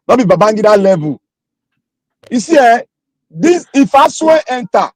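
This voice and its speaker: A man with a Nigerian accent, debating politics in an animated way and often talking over the other speaker. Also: extremely high pitch, moderate pace, pauses often, no echo, low-quality recording. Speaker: political commentator. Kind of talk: casual political debate in Nigerian Pidgin and English.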